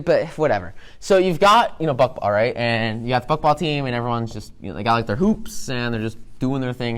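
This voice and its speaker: A man's voice: mid-range voice, smooth. A man giving an upbeat, rambling motivational talk with lots of energy. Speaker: motivational speaker.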